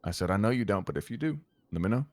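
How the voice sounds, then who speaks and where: A man's voice: fairly low pitch, animated, rapid-fire, no echo. A man in character in an online roleplay, telling a heated, profane story to a friend. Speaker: roleplay gang member recounting events.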